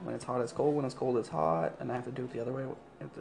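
A male podcast host who talks casually and mutters his lines in a deadpan way. His voice has a gravelly, creaky texture. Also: mid-range voice, quick pace, very noisy. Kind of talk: casual comedic podcast chat.

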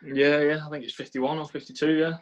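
A man's voice: fairly high pitch, level tone, fast, lo-fi sound. A young man with an English accent, a footballer answering interview questions earnestly, often repeating and restarting his words. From England. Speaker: professional footballer, interview guest.

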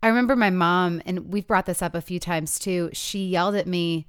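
Woman co-host in her thirties, chatty, lower pitch, dry close mic. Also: moderate pace, clear, resonant tone, no echo. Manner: chatty, acts out quotes with big pitch jumps. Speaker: podcast co-host. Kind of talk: casual podcast chat.

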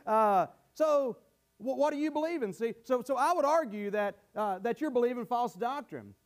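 High-voiced man preaching an earnest sermon. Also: lively intonation, normal speed. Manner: earnest, repeats words as he teaches.

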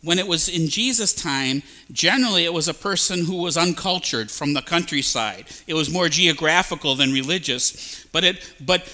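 A male pastor giving a lively sermon, sometimes imitating babbling sounds to make a point. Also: on the high side. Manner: animated, mimics babbling sounds. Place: church sanctuary.

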